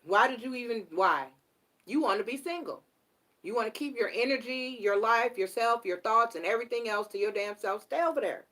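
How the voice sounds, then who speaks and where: A middle-aged woman giving a casual live tarot reading, blunt and animated and swearing freely. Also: a little high, a little fast. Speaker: tarot reader.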